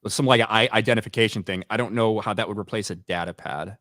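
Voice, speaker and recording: A man's voice: on the low side, fast, sharp tone, no room sound, studio quality. A man co-hosting a livestream chat, talking in a hesitant, rambling way with many restarts. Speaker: co-host.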